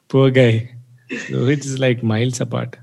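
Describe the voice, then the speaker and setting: A man's voice: mid-range voice, slow pace, gravelly. A man, a guest cricket analyst chatting casually about batting. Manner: relaxed, enthusiastic about batting, restarts sentences. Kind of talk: casual podcast conversation.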